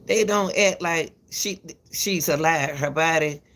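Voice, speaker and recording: This commentary channel host has a deep, somewhat bright voice and speaks a little slowly. Addressing the camera casually, she lectures parents with emphatic repetition, calls her viewers "baby," and frequently trips over and restarts her words.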